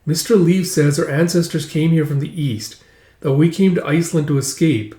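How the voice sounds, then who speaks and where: A man's voice: fairly high pitch, moderate pace, dark tone, reverberant, voice pushed up, lightly acted. A man voicing a curious, earnest young boy asking questions.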